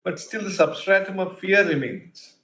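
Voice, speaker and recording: A man's voice: high voice, moderate pace, pushed and bright. A man, a judge questioning counsel from the bench, probing and thinking aloud with many fillers. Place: large courtroom. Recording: roomy courtroom echo.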